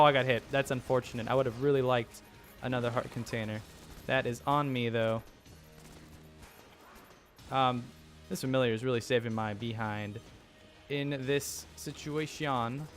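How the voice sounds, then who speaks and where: A man's voice: mid-range voice, steady tone, a little slow, long pauses, fairly bright tone, soft background music. A man giving casual let's-play commentary, rambling with lots of ums and flustered chatter. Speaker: gameplay commentator.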